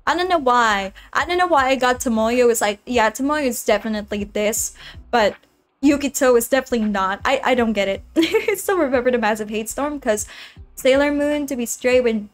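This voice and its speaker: Her voice on the high side and fairly quick, a woman streams a game, giggling, rambling and chatting casually to her viewers.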